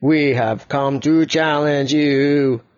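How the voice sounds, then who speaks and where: A stiff, formal alien robot drawls each word slowly, as a man puts the voice on for a bedtime story. The sound is dull and lo-fi, like a home recording. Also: fairly high pitch, steady tone, darkish tone, no echo. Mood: robotic, stern. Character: slow booming male alien robot.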